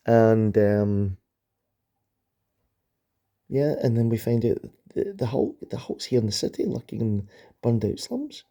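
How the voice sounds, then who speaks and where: A man's voice: mid-range voice, expressive, a little slow, long pauses, warm tone. A middle-aged man reviewing an old comic book in a casual vlog, rambling and enthusiastic, with lots of ums and restarts.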